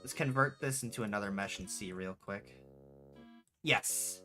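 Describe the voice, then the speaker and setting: Late-20s livestreamer, sharp bright tone, loose animated storytelling, cusses casually. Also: deep voice, moderate pace, soft background music. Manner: animated storyteller, swears freely, answers chat aloud. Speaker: streamer and game developer.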